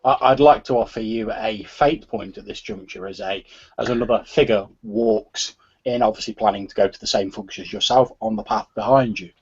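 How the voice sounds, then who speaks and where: A man narrating as game master of a tabletop game, soft-spoken and relaxed, with frequent fillers. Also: lowish voice, brisk, breathy edge. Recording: slightly muffled recording.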